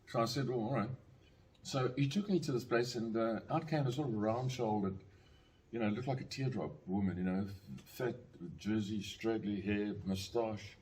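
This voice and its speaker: A man's voice: medium pitch, moderate pace, a little hiss or hum. An older man telling a casual, rambling anecdote, full of fillers, restarts and chuckles. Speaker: storyteller.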